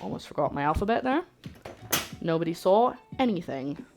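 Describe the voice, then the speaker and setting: Woman, lower pitch, chatty, joking asides, home kitchen, live cooking stream. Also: big pitch swings, normal speed, over music. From Scotland. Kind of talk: casual live-stream chat while cooking.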